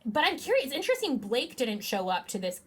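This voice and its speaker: A young woman co-hosts a casual recap chat in a bright, slightly high voice. She tells stories with energy and acts out what people said, swearing freely. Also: quick pace, breathy edge. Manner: animated storytelling, quoting people with voices, swears. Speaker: podcast co-host.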